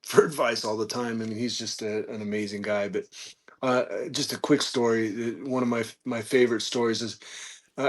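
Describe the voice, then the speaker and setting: A man guest on a podcast, telling a casual story with animated peaks and frequent fillers. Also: medium pitch. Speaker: podcast guest, reptile keeper.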